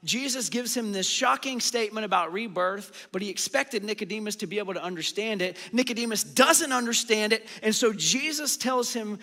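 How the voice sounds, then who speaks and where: A man gives a sermon in a high, bright voice, walking listeners through a Bible passage. He keeps tossing questions to the audience and answering them himself. The sound carries a long hall reverb. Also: brisk, few pauses. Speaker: pastor.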